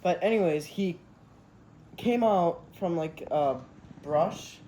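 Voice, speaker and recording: A man's voice: a little high, takes it slowly, mellow, a little hiss or hum, rough recording. A young man telling a hunting story in a hesitant, casual way, unsure of the details.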